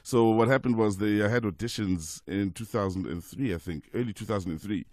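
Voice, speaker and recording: A man's voice: lowish voice, a little fast, no echo. A man in his forties, a football commentator telling stories in a radio studio interview. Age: 40s. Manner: lively anecdotes with quoted voices. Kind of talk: casual radio interview storytelling.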